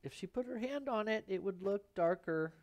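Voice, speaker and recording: A man's voice: sits high, lively intonation, normal speed, darkish tone. A man hosting a live painting stream, thinking aloud in rambling, self-mocking asides as he works. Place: painting studio.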